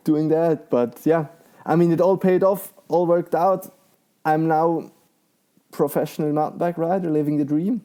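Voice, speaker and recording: Excitable young man, mellow voice. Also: a little high, normal speed. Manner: excitable, laughs often, lots of fillers. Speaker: guest, professional mountain bike rider. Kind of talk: casual conversational interview.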